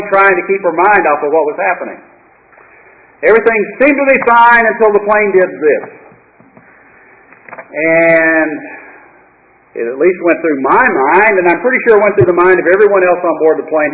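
A pastor with a high-pitched voice delivers his sermon like a storyteller, wry and dramatic, sinking into quiet asides. The sound is dull and lo-fi, like an old church tape.

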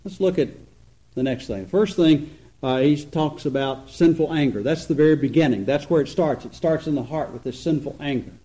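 A man preaching an expository sermon, earnest and emphatic, slowing down to stress points and swinging between loud and quiet. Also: on the high side, low-quality recording. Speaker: pastor.

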